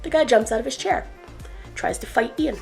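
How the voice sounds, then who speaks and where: A woman vlogger telling an exasperated story in a casual rant, animated as she acts out what people said. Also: a little high, moderate pace, gravelly, soft background music, poor audio. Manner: exasperated, animated retelling with acted quotes.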